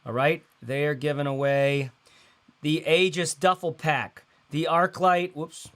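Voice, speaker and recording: A man's voice: on the high side, steady tone, a little slow, fairly bright tone. A man in his thirties hosting a casual livestream, talking in a loose, rambling way with lots of fillers and slang. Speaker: host.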